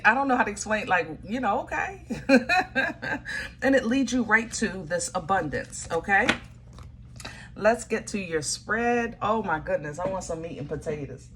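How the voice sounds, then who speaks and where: A woman's voice: medium pitch, lively intonation, moderate pace, a bit bright, slight background noise. A woman giving a casual tarot reading, chatty and often searching for her words and repeating phrases. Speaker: tarot reader.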